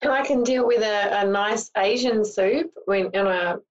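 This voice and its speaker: A woman's voice: medium pitch, measured pace. Blunt, sweary Australian woman. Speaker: podcast co-host. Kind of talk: casual podcast chat. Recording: dull lo-fi mic.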